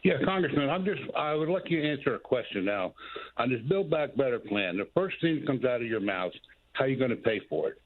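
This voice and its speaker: A man's voice: mid-range voice, expressive, a little fast, slight background noise. A man phones in to a show and challenges the guest with questions. His voice is tinny and squeezed by the phone line. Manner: challenging, argumentative. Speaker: caller.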